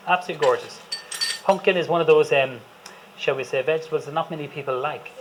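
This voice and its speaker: A man's voice: a little high, fast, noisy background. A man with an Irish accent, a chef giving a chatty, enthusiastic live cooking demonstration to an audience and joking with them as he goes. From Ireland.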